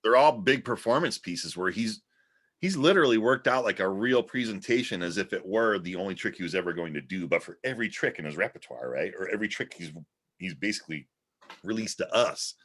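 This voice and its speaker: A man's voice: fairly low pitch, animated, brisk, fairly bright tone. A man chatting casually and enthusiastically about magic he admires.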